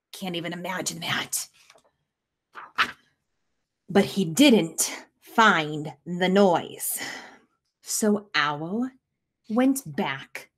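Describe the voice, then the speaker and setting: A young woman reading a picture book aloud to children, stopping to ask them questions about the pictures. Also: fairly high pitch. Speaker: school staff reader. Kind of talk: children's storytime read-aloud.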